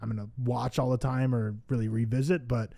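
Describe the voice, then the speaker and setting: A man's voice: medium pitch, flat delivery, a little fast, gravelly, dark tone, dry recording. A man co-hosting a casual movie podcast, talking enthusiastically with lots of "like". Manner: enthusiastic, filler-heavy. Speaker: podcast co-host. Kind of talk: casual movie-ranking chat.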